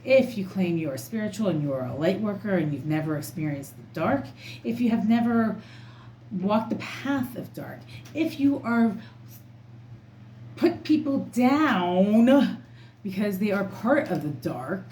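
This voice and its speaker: A woman's voice: mid-range voice, animated, unhurried, mellow. A woman tarot reader talking casually to camera in an emphatic, rambling, outspoken way. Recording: echoey room, faint background noise.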